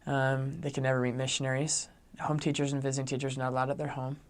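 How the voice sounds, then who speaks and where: Speaking quickly in a mid-range voice, this young returned missionary spins a story in an animated, conversational manner. His talk is loose and chatty, peppered heavily with "like."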